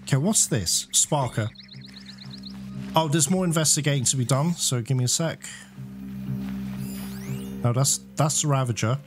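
A man giving excited gameplay commentary to viewers, exclaiming and out of breath. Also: mid-range voice, normal speed, pauses often. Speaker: let's play gamer. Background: game music.

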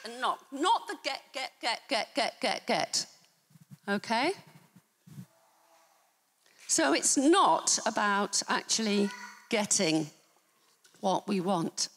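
A woman's voice: a little high, fairly bright tone. A woman preaching a sermon in a church, emphatic and teacherly, with wry asides. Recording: church hall reverb.

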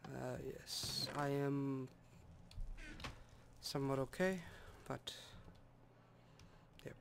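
A man's voice: mid-range voice, extremely slow, gravelly, slight background noise. A man rambling casually through gameplay commentary, full of hums and asides. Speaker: let's play host. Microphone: desktop microphone. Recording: music playing loudly in the room.

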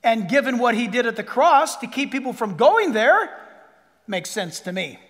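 A male pastor preaching a sermon, animated, acting out little voices and dropping to a hush for emphasis. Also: very high voice, moderate pace. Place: church sanctuary. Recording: long hall reverb.

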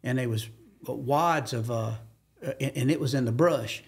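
A Southern-accented man from Georgia, USA, guests on a podcast and tells a hunting story in animated casual conversation, acting out quotes with sudden jumps in pitch. He speaks a little slowly, with a husky voice and vocal fry.

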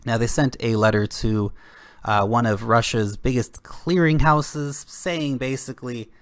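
A young man in full rant mode, talking straight to his viewers with blunt slang and open sarcasm. His voice sits at an ordinary middle pitch, and he pushes hard on the points that annoy him. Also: steady tone, a little slow, no room sound, studio quality. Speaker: crypto video host. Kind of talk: ranting commentary to camera.

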